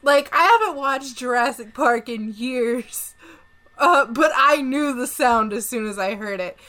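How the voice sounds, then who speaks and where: A woman's voice: a little high, a little slow, a bit bright. A woman hosting a film podcast, recapping the plot with opinionated hot takes in casual chat. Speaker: podcast host.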